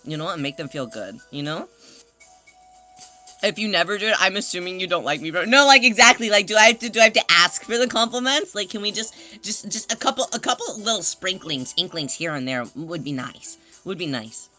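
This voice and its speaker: A man's voice: sits high, animated, fairly quick, faint music behind. A man chatting casually on a livestream, rambling and self-conscious, greeting viewers as they arrive. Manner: greets chat members warmly.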